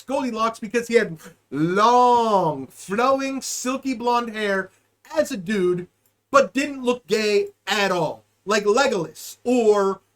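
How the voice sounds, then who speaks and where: A man hosting a live show, telling a story in a loose, profane way, speeding up and then drawing his words out. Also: high voice. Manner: animated, profane, swings between quick and drawn-out. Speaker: podcast host. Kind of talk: casual storytelling.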